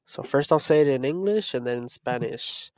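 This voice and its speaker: A man teaching Spanish, reading a vocabulary list and repeating each word slowly to drill it. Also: medium pitch, expressive, no room sound. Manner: slow, repetitive word-by-word drilling. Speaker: Spanish tutor. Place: Los Angeles area.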